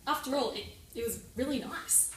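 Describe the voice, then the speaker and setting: A young woman delivers a prepared speech in a lively, personal way, her voice sitting a touch high. She is heard from a distance in a very echoey meeting room, with a faint hiss underneath. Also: moderate pace. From Australia. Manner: lively, personal, lightly humorous. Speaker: club speaker.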